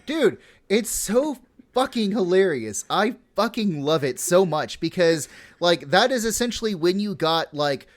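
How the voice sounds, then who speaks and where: A man's voice: high-pitched, big pitch swings, a little slow. A man hosting a podcast, casually retelling history with lots of swearing, laughs and fillers. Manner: profane, laughing, full of fillers. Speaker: podcast host.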